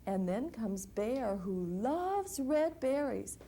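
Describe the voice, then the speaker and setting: Animated woman reading to small children. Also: fairly high pitch, slow pace. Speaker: children's librarian. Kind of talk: children's story hour. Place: library story hour room.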